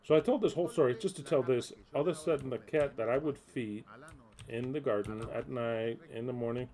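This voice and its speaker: A male preacher in a mid-range voice telling a personal story during a sermon. His delivery is animated and blunt, with frequent restarts and the occasional swear word. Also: medium pitch, brisk. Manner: animated and candid, with coarse language and frequent restarts.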